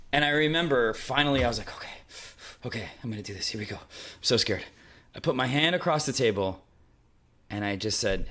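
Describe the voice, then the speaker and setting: A man hosts his podcast as a comedian, talking through a loose comedic monologue. He tells stories in an animated way and often checks in with the listener. He is recording at a friend's home. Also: mid-range voice. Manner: animated storytelling, frequent "okay?" check-ins.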